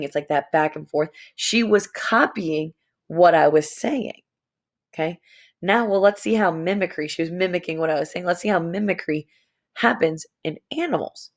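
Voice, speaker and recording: A young adult woman teaching a lesson to young students, playful and animated, stretching words out. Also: fairly low pitch.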